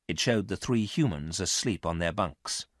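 A man narrating a graded reader story for English learners, slow, clear and even. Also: low-pitched, dry recording, studio quality.

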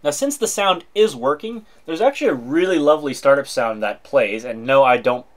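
A man narrating a screen-recorded software walkthrough in a chatty, informal way with wry asides. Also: medium pitch, expressive, fairly quick. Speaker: tech video host.

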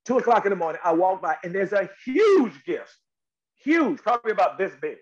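A man's voice: high-pitched, brisk, lo-fi sound. A middle-aged man from North Carolina telling stories in an interview, repeating words and acting out quotes. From North Carolina, USA. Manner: animated storyteller, repeats words, acts out quotes. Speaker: actor guest. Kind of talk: storytelling interview.

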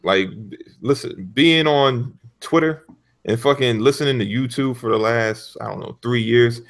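A man talking casually on a gaming podcast, telling profane stories with loud mock outbursts. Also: medium pitch, unhurried. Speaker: podcast guest.

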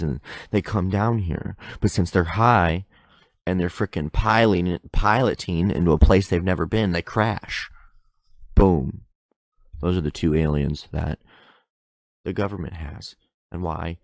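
A young man's low, gravelly voice fills a solo podcast recorded at home. He rambles from thought to thought, breaking off his own sentences and cursing without a second thought. His mouth is close to the mic, and the sound is dry. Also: a little slow, pauses often, dry recording. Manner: rambling, self-interrupting, swears casually. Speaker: podcast host. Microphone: close microphone in front of face.

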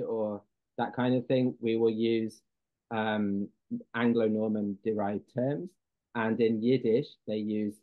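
A man's voice: medium pitch, no echo. A man giving a lecture, explaining patiently with frequent ums and uhs and checking whether his audience follows. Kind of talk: classroom lecture. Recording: dry, tinny phone-like sound.

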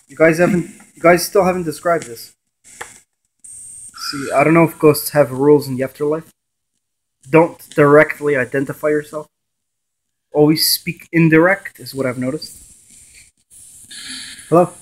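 A paranormal investigator, a man, asks short questions on camera during a spirit box session and repeats back the answers he thinks he hears, often speaking low. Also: a little slow, long pauses.

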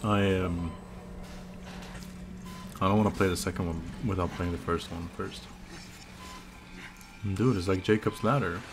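A man's voice: sits low, steady tone, unhurried, long pauses, background noise. A young man giving loose, profane let's-play commentary at home while eating, close on a desk microphone. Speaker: streamer.

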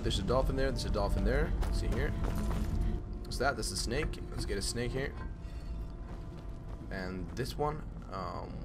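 A young man giving live gameplay commentary, swearing constantly and jumping from low muttering to loud outbursts at enemies. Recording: loud game music behind the voice. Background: loud game music.

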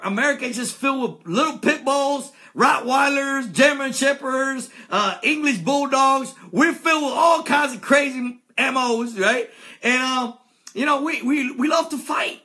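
A man hosting a political video rant, loud and excitable, often shouting and laughing as he talks. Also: extremely high pitch. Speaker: video host.

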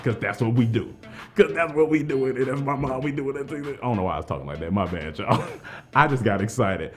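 A man's voice: medium pitch, a little fast, faint music behind. A man hosting a live trivia game, hyped up and playful, joking with the players between questions. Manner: hyped-up, playful, jokey, talks straight to the players. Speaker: trivia game show host.

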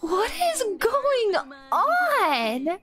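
A woman streaming a life-sim game in casual chat, excitable and anxious, often repeating herself. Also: very high-pitched, very slow, a loud crowd. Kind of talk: casual let's play chat.

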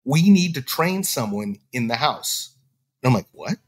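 Man, casual storyteller, lively swinging pitch, acts out quoted dialogue. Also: unhurried, breathy edge. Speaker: podcast guest.

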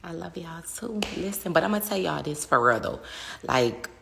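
A woman's voice: lowish voice, expressive, normal speed, vocal fry, a bit bright, a little hiss or hum. A woman in her thirties with a New Orleans accent, chatting casually on a phone livestream, swearing freely and answering her viewers' comments. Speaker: livestream host.

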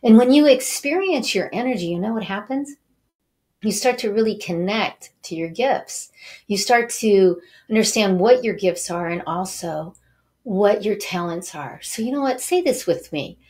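Middle-aged woman, wellness show host and Reiki teacher, mid-pitched, animated storyteller talking to viewers. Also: moderate pace. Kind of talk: motivational talk to viewers.

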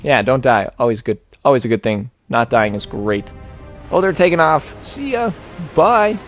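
A man's voice: medium pitch, lively intonation, normal speed, soft background music. A young man giving casual, joking commentary as he plays a video game, rambling and talking back to the characters on screen. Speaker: let's play host.

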